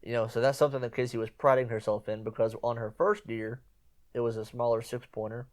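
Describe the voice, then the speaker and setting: A man's voice: mid-range voice, fast. Man casually telling a hunting story. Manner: rambling, repeats himself, quotes others in lively voices. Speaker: podcast host.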